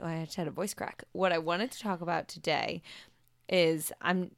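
A woman's voice: on the low side, steady tone, normal speed, creaky, no room sound, studio quality. A young adult woman hosting a podcast, chatting and laughing easily with her grandmother in a home basement. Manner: friendly, chatty, laughs often. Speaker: podcast host. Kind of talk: casual podcast interview.

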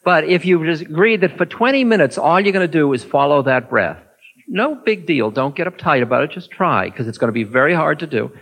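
A man's voice: fairly high pitch, lively intonation, brisk, a bit bright, poor audio. A man teaching meditation, answering an audience question in a talk and acting out inner thoughts in little voices.

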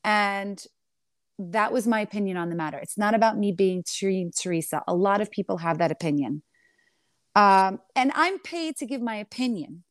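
Reality star woman, sassy and animated, mid-pitched voice, dry close mic. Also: moderate pace, dry recording. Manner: animated, sassy, calls listener honey. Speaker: reality TV star giving an interview. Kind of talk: candid storytelling interview.

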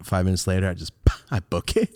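A man's voice: clean tone, no room sound, studio quality. A young man telling a story on a podcast, casual and profane, acting out the voices of people he quotes. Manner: animated, profane, acts out quotes with big pitch jumps. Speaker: podcast host.

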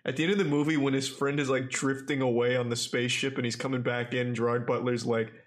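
A man's voice: mid-range voice, flat delivery, fast talker. A man co-hosting a casual podcast, rambling and poking fun at himself. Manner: rambling, self-deprecating, trails off mid-thought. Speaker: podcast co-host. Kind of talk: casual chat.

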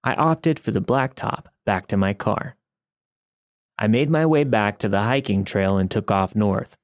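A man's voice: fairly low pitch, measured pace, dry recording, clean studio sound. A man narrating a first-person story in a wry, conversational way.

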